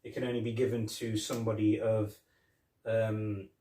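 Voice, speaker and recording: A man's voice: fairly low pitch, little pitch movement, moderate pace, dark tone. A man co-hosting a podcast, casually chatting and retelling movie scenes with quoted lines and laughs. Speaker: podcast co-host. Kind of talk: casual chat. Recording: roomy, from a distance.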